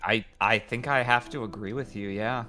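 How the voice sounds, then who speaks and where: A man's voice: fairly low pitch, normal speed, pushed and bright, soft background music. A man playing a tabletop game, chatting casually with a wry, self-deprecating manner. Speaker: player.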